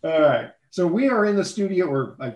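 A man's voice: high-pitched, very animated, brisk, a little mellow, echoey room, muffled recording. A man hosting a casual sports talk show over a video call, rambling a bit with fillers and restarts. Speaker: show host.

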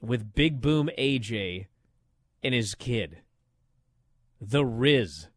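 A man co-hosting a sports talk radio show, excitably arguing his point and mimicking people as he tells the story. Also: mid-range voice, drawn-out words, dry recording.

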